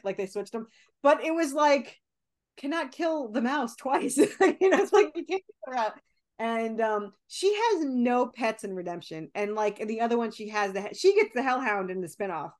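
A woman with a fairly high voice speaks as a guest in a casual podcast interview. She tells stories in an animated way, full of fillers and quick laughs. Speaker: guest comic creator and co-author.

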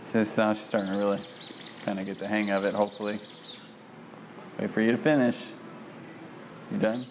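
A man working as a dog trainer, coaching an owner at home with lively praise for the dog. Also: lowish voice, brisk, a little hiss or hum. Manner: lively, sing-song praise for a dog between plain explanations. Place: home kitchen.

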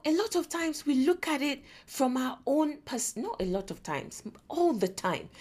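A woman in her forties with a Nigerian English accent hosts a faith-based parenting podcast. She tells stories in an animated way, acting out the lines of the people in them. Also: fairly high pitch. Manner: animated storyteller who acts out quotes and laughs often. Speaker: podcast host.

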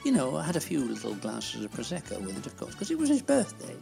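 A woman's voice: rumbling low, huge pitch swings, fast talker, gravelly, mellow, soft background music, exaggerated voice. Woman playing a scatterbrained, chatty old lady. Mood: rambling. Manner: scatterbrained, mixes up words, scolds the host. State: out of breath. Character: chatty older woman, gossipy and bossy.

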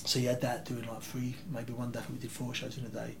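A man, telling rambling, animated anecdotes as an interview guest. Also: mid-range voice, fast, vocal fry, background noise. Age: 30s. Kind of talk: casual interview storytelling.

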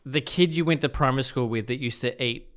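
A man's voice: medium pitch, fairly quick. An Australian man co-hosting a podcast, chatting casually and sharing strong opinions. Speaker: podcast co-host. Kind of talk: casual chat.

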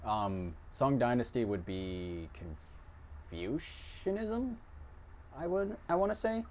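A man co-hosting a casual podcast chat, rambling through half-remembered history, quick to correct the others and swearing casually. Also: medium pitch, sing-song, a little mellow, a little hiss or hum. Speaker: podcast co-host.

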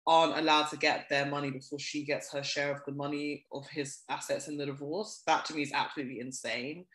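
A podcast co-host in casual chat, blunt and gossipy, laughing often and getting animated when indignant. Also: mid-range voice, reverberant, rough recording.

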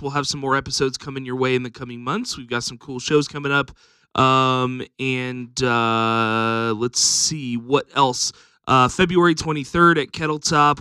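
A man who books comedy shows runs through upcoming dates on his podcast. His voice is bright and crisp at a middle pitch, recorded dry and close. He meanders and fills pauses with "um.". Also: no echo. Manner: rambling announcements with many ums. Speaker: comedy show booker and podcast co-host. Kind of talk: casual podcast chat.

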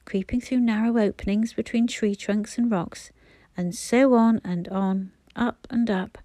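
In a dry recording, a woman reads an audiobook aloud at medium pitch, keeping her storytelling even and measured.

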